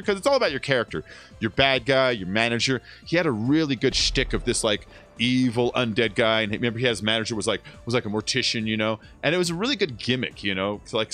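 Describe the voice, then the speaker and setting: A man's voice: medium pitch, a bit bright. A man in his thirties livestreaming a game from home, chatting casually and rambling, swearing now and then. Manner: rambling, laid-back, swears often. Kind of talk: casual livestream chat while gaming.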